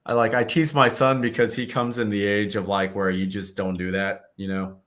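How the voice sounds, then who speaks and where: Middle-aged male host, bright forceful voice, relaxed profane banter. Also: on the low side, normal speed. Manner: laughing, loose storytelling with profanity. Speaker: podcast host. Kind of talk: casual chat.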